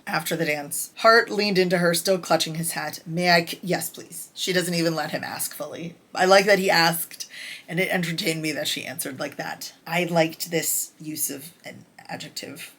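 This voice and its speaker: A woman's voice: deep voice, fairly even intonation, moderate pace, a bit bright, slightly rough. A woman chatting casually as a book reviewer, candid and enthusiastic about her favorite lines.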